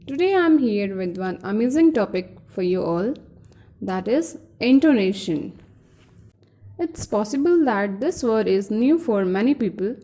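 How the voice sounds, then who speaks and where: A woman's voice: medium pitch, animated, a little slow, dark tone. A woman teaching an English pronunciation lesson, patiently explaining and modeling example sentences with exaggerated rises and falls. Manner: frequently asks "Okay?" to check understanding.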